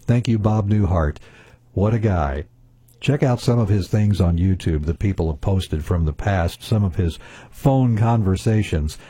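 Dark husky folksy radio host man. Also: low voice, unhurried, no room sound. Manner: folksy, chatty, with fillers. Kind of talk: casual radio chat. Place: radio studio. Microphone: studio mic.

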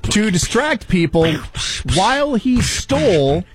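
A man's voice: high voice, big pitch swings, slow pace, noisy background. Wry man reading odd news on radio. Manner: wry, jokey storyteller. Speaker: radio co-host. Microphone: studio microphone.

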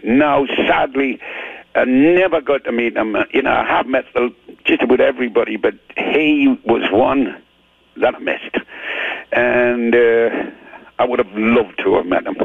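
An older man with a Geordie accent from Newcastle, telling rambling, animated anecdotes with stammers as a guest in a casual interview. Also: medium pitch, unhurried, no echo. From Newcastle, England. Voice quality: gravelly, husky. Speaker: guest rock singer. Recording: tinny phone line.

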